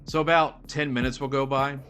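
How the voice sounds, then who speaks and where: A man narrating as game master of a tabletop horror game, describing scenes in a relaxed way with casual fillers. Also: mid-range voice, a little fast. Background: music.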